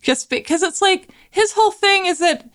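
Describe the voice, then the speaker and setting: A woman co-hosting a casual film discussion, chatty and quick to laugh, slipping into mocking voices. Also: very high-pitched, expressive, a bit bright. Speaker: podcast co-host.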